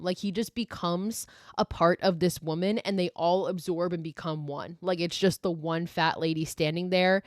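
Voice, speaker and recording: Woman host with a lower voice, dry and close to the mic; chatty, profane movie recap. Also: darkish tone, no room sound. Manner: chatty and profane, heavy use of "like". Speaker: podcast host.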